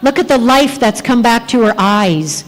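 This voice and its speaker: A woman giving a health presentation at a church, telling lively patient stories and pointing out details in photos. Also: a little high, moderate pace, long reverb tail, poor audio. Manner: lively anecdotal storytelling, acting out patients' replies. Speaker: health speaker. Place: church hall.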